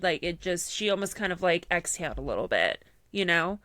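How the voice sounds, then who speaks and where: A woman co-hosting a podcast chats casually and tells stories crammed with fillers and acted-out quotes. Her voice is on the low side, a bit bright, very animated, and fairly quick, captured in studio quality with no echo.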